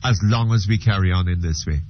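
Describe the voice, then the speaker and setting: Older man, low voice, radio host, emphatic and repetitive, muffled old recording with faint hiss. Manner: slow, emphatic, repeats words. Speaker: radio talk show host. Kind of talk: radio call-in discussion. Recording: dull lo-fi radio archive.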